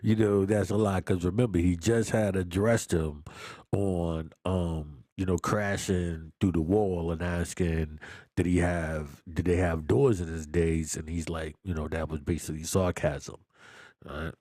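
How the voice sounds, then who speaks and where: Low, slow-talking man reviewing a movie. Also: steady tone, dark tone, no room sound, clean studio sound. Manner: loose and slangy, repeats himself, laughs often. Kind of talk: casual chat.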